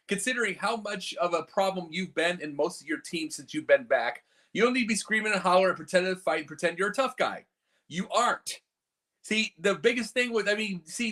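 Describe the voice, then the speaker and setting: Man, high voice, sports co-host, energetic lecturing. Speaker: podcast co-host. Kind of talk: casual sports talk.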